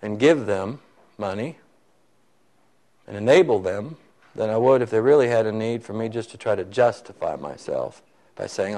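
A man's voice: on the low side, animated, moderate pace, pauses often, a little mellow, low-quality recording. A man preaching, telling a story to his congregation and acting out the voices of the people in it. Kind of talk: sermon storytelling.

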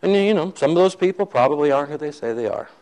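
A man's voice: on the high side, lively intonation, fast, darkish tone, poor audio. A man preaching, telling a story to his congregation and acting out the voices of the people in it. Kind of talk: sermon storytelling.

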